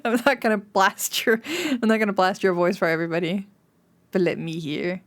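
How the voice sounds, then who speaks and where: A young woman streaming live, chatting casually with her viewers, giggling often and breaking into excited high squeals. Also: moderate pace.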